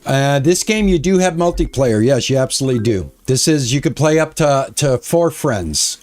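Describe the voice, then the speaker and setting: A man's voice: mid-range voice, expressive, normal speed, darkish tone, faint music behind. A man streaming a farming game, chatting casually and thinking aloud about what he is doing, on a headset mic. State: out of breath. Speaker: gaming streamer. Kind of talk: casual gameplay commentary.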